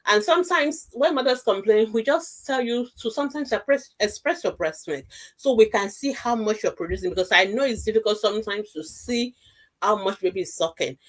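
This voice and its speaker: A woman's voice: medium pitch, animated, a little fast. Reassuring woman pediatrician, emphatic. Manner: emphatic, repeats key points in lists; reassuring, addresses mothers directly. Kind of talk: health webinar talk.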